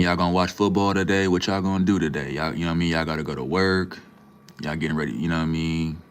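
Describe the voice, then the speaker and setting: Very deep-voiced laid-back man. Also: a little hiss or hum. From Minnesota, USA. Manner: laid-back, slangy, greets chatters by name. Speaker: livestream host. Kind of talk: casual livestream chat with viewers.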